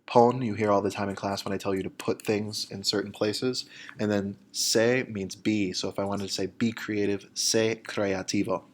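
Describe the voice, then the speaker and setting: A man with a fairly low voice, walking students through a recorded lesson. He explains each point step by step in a plain, patient way, and slows down to model the phrases. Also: fairly even intonation. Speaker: Spanish teacher.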